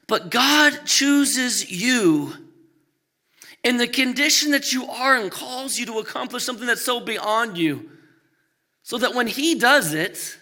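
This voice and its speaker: A man preaching a sermon with a high, bright voice. He moves from loud, emphatic lines to hushed, low ones and slips humorous asides between points. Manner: swings between loud emphatic peaks and quiet low passages. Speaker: pastor.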